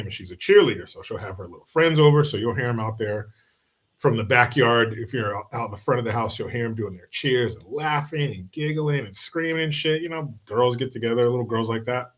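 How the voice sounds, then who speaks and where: A livestream host chats casually, recounting family tales laced with curses and lots of laughter. He speaks fairly quickly in a mid-range voice, playing the profane, jokey storyteller.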